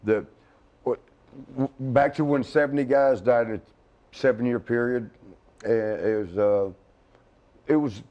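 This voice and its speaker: A man's voice: medium pitch, steady tone, unhurried, long pauses, highs cut off. A middle-aged man telling stories as a guest in a casual studio interview, rambling with frequent restarts and laughing at his own jokes. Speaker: interview guest, retired wrestler.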